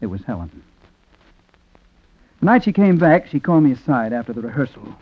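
An actor narrating a 1940s radio drama as a reflective man, quiet and rueful. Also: medium pitch, big pitch swings, a little fast, slightly rough, no room sound. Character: reflective man telling a sad story. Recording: tinny old radio recording with music.

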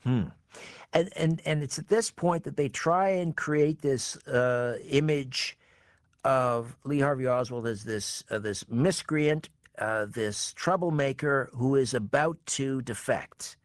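A man interviewing a guest, measured and curious. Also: medium pitch, no echo, clean studio sound. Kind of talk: interview questions.

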